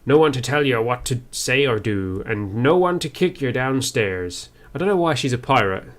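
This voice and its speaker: A man's voice: mid-range voice, expressive, moderate pace. A man giving first-play game commentary, musing aloud and reading on-screen text as he goes. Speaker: game streamer.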